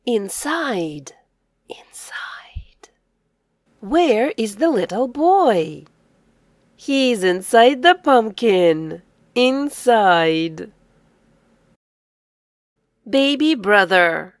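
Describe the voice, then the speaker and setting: A woman teaching young children to read. She speaks slowly and clearly, says each word aloud, then echoes it in a whisper. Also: fairly high pitch, very animated, clean studio sound. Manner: slow, clear, encouraging delivery for young learners. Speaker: reading teacher. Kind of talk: scripted children's reading lesson.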